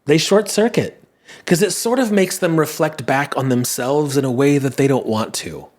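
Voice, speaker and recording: Earnest man with a lively voice. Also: a little high, normal speed. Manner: earnest, musing, with sudden emphatic rises. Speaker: podcast host answering listener messages. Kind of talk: casual reflective monologue.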